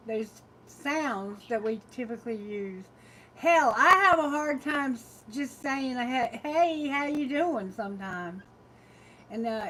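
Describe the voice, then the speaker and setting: A woman's voice: fairly high pitch, a bit bright, a little hiss or hum, low-quality recording. A woman with a Southern American drawl, reading tarot on a live stream from her phone, chatty and laughing often as she greets viewers. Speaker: tarot reader.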